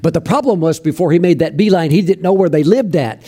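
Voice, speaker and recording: Man, preacher, fervent sermon storytelling, fairly high voice, mellow tone. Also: fast talker. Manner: fervent, emphatic, with exclamations of praise.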